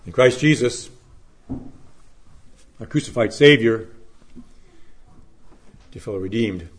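A man preaching a Good Friday sermon, reading scripture aloud, then preaching in an earnest, measured way with dramatic rises and hushed drops. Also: mid-range voice. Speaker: pastor.

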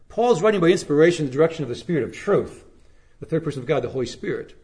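A male pastor delivering a slow, emphatic sermon, letting his phrases fall to a hush at the ends. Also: a little high, expressive. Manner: slow, emphatic preaching with hushed, falling phrase endings.

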